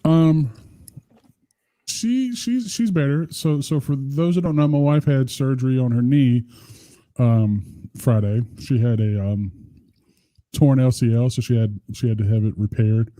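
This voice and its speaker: Middle-aged guy rambling on a podcast, super dark mellow voice, dry sound. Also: mid-range voice, unhurried, dry recording. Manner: rambling, profane storytelling. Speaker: podcast co-host. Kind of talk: casual chat.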